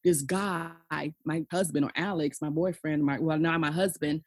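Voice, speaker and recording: A woman in her forties, guesting on a podcast, tells her personal story frankly and emphatically, often tagging lines with "okay?" and "you know." Her voice is low, steady, darkish and slightly rough, at normal speed with few pauses, in a dry recording.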